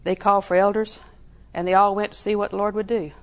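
Woman, preaching, folksy, laughing, repetitive, medium pitch. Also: little pitch movement, fast. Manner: folksy, laughing, repeats phrases softly. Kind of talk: sermon.

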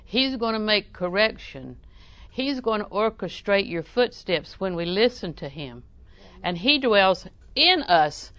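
A middle-aged woman preaches, folksy and full of humor, chuckling often and sometimes breaking into loud acted cries. Her voice sits in a middle register. The sound is dry and close, with no room echo. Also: mid-range voice, expressive, a little slow. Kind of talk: sermon.

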